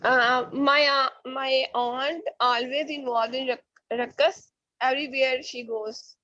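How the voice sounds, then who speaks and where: Woman student, high voice, polite and hesitant, dull dry video-call sound. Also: steady tone, slow, sharp tone, no room sound. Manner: polite, hesitant, calls the teacher ma'am. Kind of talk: online class.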